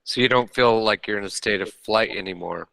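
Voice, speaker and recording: A man's voice: on the low side, a little fast, vocal fry, bright, forceful tone, rough recording. A man hosting a podcast, talking bluntly and casually and swearing freely. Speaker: podcast host. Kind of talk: candid personal conversation.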